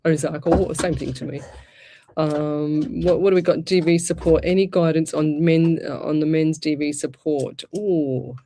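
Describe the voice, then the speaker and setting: A woman's voice: low-pitched, steady tone, measured pace, dark tone, slight background noise. Chatty Australian woman host with a sore throat. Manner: chatty, rambling, stumbles and restarts. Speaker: psychic medium radio host. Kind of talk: casual live radio chat and readings.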